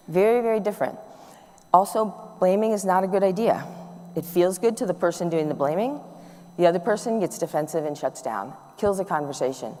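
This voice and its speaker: A woman's voice: lowish voice, brisk. A middle-aged woman giving a talk to an audience, telling stories with acted-out dialogue. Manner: warm, animated storytelling with acted-out dialogue. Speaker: speaker. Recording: long hall reverb.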